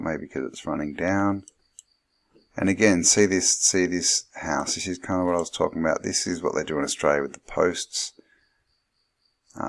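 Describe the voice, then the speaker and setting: A man's voice: deep voice, vocal fry. A man hosting his channel, rambling through commentary on old photographs and thinking aloud with lots of fillers. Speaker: channel host.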